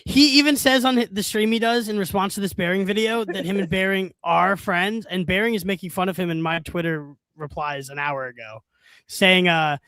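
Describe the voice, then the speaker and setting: Brief: male co-host with a high voice, dry close sound, rambling and amused. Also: fairly bright tone, clean tone, dry recording. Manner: rambling, amused, full of fillers. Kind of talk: casual gossipy chat.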